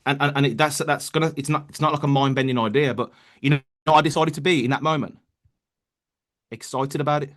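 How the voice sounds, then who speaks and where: A man's voice: a little high, fairly even intonation, a little fast, fairly bright tone. Casual man giving a pep talk. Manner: casual, repetitive restarts, says bro and man. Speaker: network marketing leader. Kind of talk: motivational call talk. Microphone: online call.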